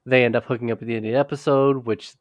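A man's voice: mid-range voice, steady tone, very fast, dry recording, lo-fi sound. A man co-hosting a podcast, casually recapping a TV episode in a rambling way, with frequent restarts. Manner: rambling, restarts often, quotes characters in passing. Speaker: podcast co-host.

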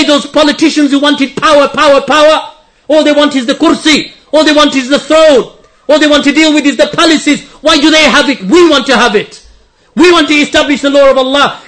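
A man with a strikingly high voice delivers a fervent religious sermon. He works through his points with rising passion and now and then slips into a scornful impression of the people he argues against. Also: a bit bright. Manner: impassioned, quotes opponents mockingly. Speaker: preacher. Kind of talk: Islamic sermon.

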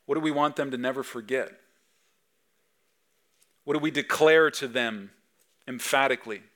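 A man in his thirties, a pastor preaching a sermon with emphatic swings between loud and soft. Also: medium pitch. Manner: acts out dad talking to his kids.

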